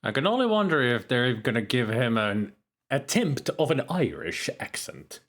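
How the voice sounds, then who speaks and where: A man's voice: mid-range voice, normal speed. A man streaming a retro adventure game, chatting and joking casually as he plays. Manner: chatty, animated, jokey. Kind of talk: casual let's-play commentary.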